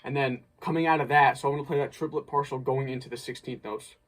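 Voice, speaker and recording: A man's voice: medium pitch, fairly even intonation, fast talker, heavy background noise. A man casually breaking down a snare drum part as an instructor, thinking aloud with small restarts. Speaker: drumline instructor.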